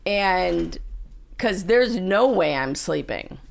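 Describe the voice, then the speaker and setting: A woman's voice: lowish voice, animated, slow pace, vocal fry, slight background noise. A woman co-hosting a casual podcast, telling a story animatedly and acting out her own panicked lines. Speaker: podcast co-host.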